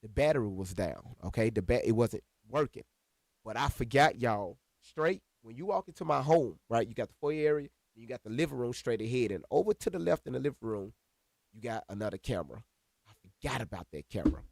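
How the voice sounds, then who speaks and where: A man casually telling a personal story to viewers, animated and profane, calling them y'all. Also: medium pitch, fairly quick, vocal fry, no room sound, clean studio sound. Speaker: storyteller recounting a personal incident.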